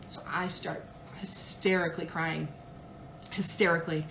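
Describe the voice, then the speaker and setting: A woman jewelry consultant telling a story in a casual, animated way, acting out the people she quotes. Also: fairly low pitch, moderate pace, reverberant, slight background noise. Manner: animated, dramatic retelling with put-on quoted voices.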